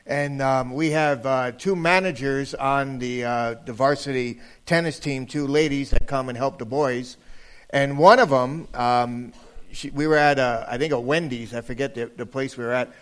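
A man's voice: mid-range voice, steady tone, normal speed, clean tone. A man preaching a sermon as a guest speaker, chatty and joking, rising to emphatic points.

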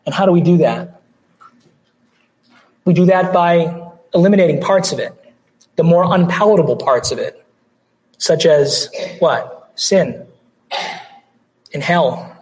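A pastor delivering a sermon, hoarse with his voice going out, earnest, with restarts and throat clearing. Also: a little high, measured pace, long pauses, darkish tone, poor audio.

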